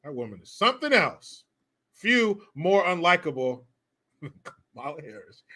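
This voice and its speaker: A man's voice: on the high side, very animated, a little slow, pushed and bright. A man hosting a casual commentary vlog, sarcastic and mocking, swearing freely and laughing often. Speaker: host.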